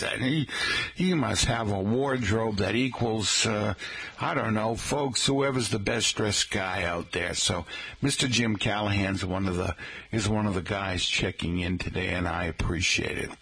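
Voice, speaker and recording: Male radio host, casual and rambling, raspy gravel at the bottom of his voice. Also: on the low side, sharp tone. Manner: rambling, folksy, chatty asides to listeners.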